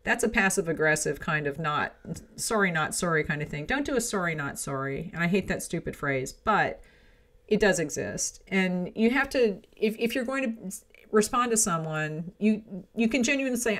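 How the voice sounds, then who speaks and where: A woman's voice: on the low side, animated, moderate pace, a bit bright. A middle-aged woman hosting a home business podcast, giving frank, chatty advice with frequent "right?" and "okay?" asides. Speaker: podcast host. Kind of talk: casual advice talk.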